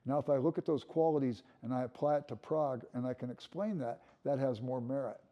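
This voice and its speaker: A man's voice: mid-range voice, brisk, lo-fi sound. An older man giving a conversational classroom lecture, musing aloud and repeating words as he restarts.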